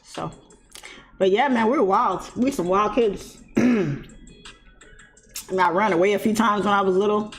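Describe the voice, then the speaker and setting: Laughing, animated woman streamer. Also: mid-range voice, normal speed, pauses often, faint music behind. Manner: animated, laughs often, mimics shrieking voices. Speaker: trading live-streamer. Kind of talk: casual storytelling to a live chat.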